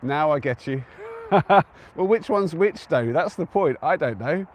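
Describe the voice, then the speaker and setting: A man's voice: fairly high pitch, expressive, measured pace, slight background noise. Easygoing man from England chatting outdoors. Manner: chatty and easygoing, answers viewer comments aloud. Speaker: live-stream vlogger. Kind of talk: casual live-stream chat. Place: outdoors on a windy-free open hilltop at a trig point.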